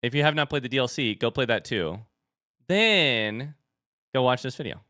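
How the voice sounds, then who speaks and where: A man's voice: mid-range voice, expressive, normal speed, bright, forceful tone, dry recording, studio quality. A young man streaming a game live, chatting and joking with his viewers, out of breath after running upstairs. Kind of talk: casual live-stream chat.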